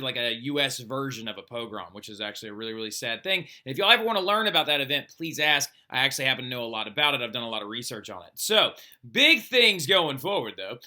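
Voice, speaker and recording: Bright-voiced chatty male history teacher. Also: fairly high pitch. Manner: chatty, keeps adding "right?" to check in. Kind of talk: casual recorded lecture.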